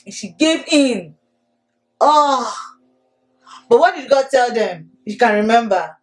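A woman teaching a children's Bible lesson with animated call-and-response and lots of repetition. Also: on the high side, takes it slowly, poor audio.

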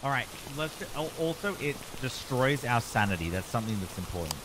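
A man calmly directing a teammate through a horror game. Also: mid-range voice, fairly quick. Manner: calm, directing the team. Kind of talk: casual gaming chat. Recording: noisy stream audio.

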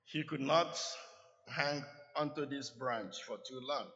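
A male church elder tells a sermon story, very slow and deliberate, with a bright, clear tone. The sound is dull and lo-fi. A long reverb from the church sanctuary hangs after every phrase. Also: medium pitch. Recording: echoey church hall, dull lo-fi.

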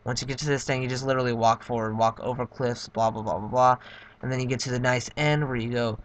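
A man's voice: medium pitch, steady tone, fast talker, a little hiss or hum. A young man giving casual, rambling, upbeat commentary over a game playthrough. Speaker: let's play narrator.

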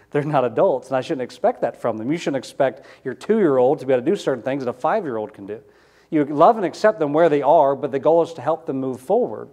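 Conversational pastor preaching a sermon. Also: male voice, medium pitch, expressive, fairly quick, dark tone. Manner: conversational preaching, asks the congregation questions.

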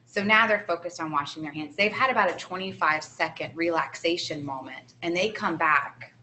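Bright-voiced woman co-presenter at a training. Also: on the low side, normal speed, a little hiss or hum. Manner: gentle, kid-friendly demonstration voice. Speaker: early childhood trainer.

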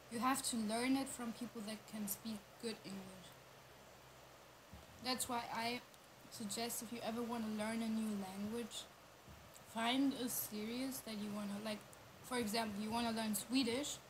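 A young woman co-hosts a live chat in English, stating her opinions firmly and leaning on "like" as she talks. Her voice sits a little high. A clear steady hiss runs behind her. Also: measured pace. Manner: opinionated, emphatic, filler "like". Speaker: livestream co-host. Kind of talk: casual chat.

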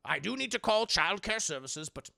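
A man's voice: sits high, very animated, normal speed, vocal fry, sharp tone, pitched above the performer's own voice, full character voice. A man doing a crusty grumpy old man. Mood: gentle. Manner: blustery, exasperated outbursts.

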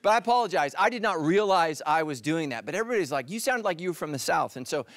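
A middle-aged pastor from California preaches in a joking storyteller's way, then turns quiet and earnest. His voice sits a little high and is recorded close and dry. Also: animated, fast, no room sound. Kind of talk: sermon.

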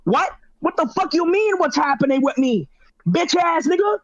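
A man delivering a rapid-fire comic insult roast in a shouty, profane, over-the-top manner. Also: very high-pitched, very animated, very noisy. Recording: dull lo-fi dry recording.

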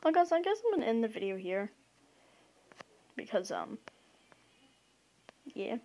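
A woman giving casual, self-mocking commentary while playing a video game, quick to get excited. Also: on the high side, noisy background. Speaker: gaming video creator.

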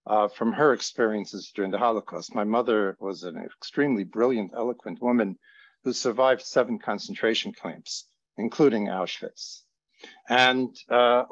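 A man of middle pitch gives closing remarks on an online grief panel, telling a story in an earnest, measured way. The audio is dry, with no room sound, and it sounds dull and lo-fi, like a webinar feed. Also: dry recording. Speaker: trauma center director speaking on a grief panel.

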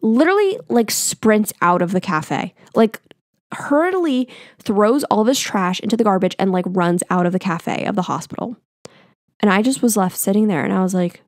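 A woman's voice: mid-range voice, lively intonation, normal speed, no echo, studio quality. A young woman hosting a podcast, telling a story in a chatty way with swearing and lots of fillers. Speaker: podcast host. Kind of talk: casual storytelling.

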